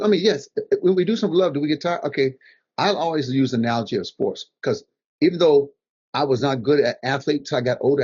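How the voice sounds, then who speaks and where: Speaking in a husky mid-range voice, an older comedian appears as a guest to share motivational advice, animatedly telling stories and performing the quotes of people he met. The audio is dull and lo-fi.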